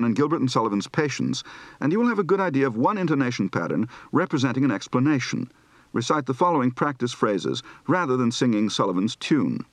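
Measured male dialect coach narrating. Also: mid-range voice, very animated, no echo. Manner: clear, measured and explanatory. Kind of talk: instructional audiobook narration.

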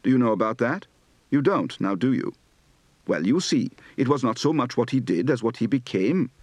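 A man's voice: medium pitch, animated, moderate pace, darkish tone, no room sound, lo-fi sound. A man demonstrating a Welsh accent as a dialect coach. He reads practice lines with a sing-song lilt that falls and rises.

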